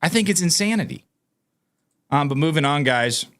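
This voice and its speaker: A man's voice: on the high side, animated, moderate pace, fairly bright tone. Emphatic man doing casual commentary. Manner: emphatic, incredulous, addresses viewers as guys. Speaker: political commentary channel host. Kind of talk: casual on-camera commentary, reading news aloud.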